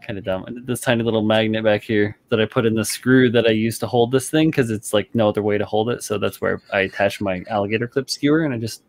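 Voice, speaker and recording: A man's voice: lowish voice, fairly even intonation, quick pace, hardly any pauses, dry recording. A man hosting a casual hobby stream, chatting loosely and swearing offhandedly while he shows a model build. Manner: laid-back, rambling, swears casually. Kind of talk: casual chat on a group stream.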